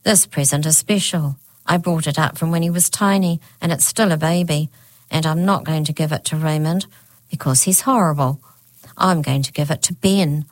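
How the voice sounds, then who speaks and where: A woman voicing a sulky, stubborn female hag who speaks rudely, with a low voice. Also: normal speed, no echo, close to an everyday voice.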